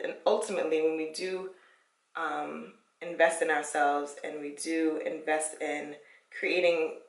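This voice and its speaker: A woman's voice: low voice, gravelly, echoey room, distant mic. A young woman chatting casually at home while taking out her hair, encouraging and laughing often. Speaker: vlogger. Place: her parents' home, indoors.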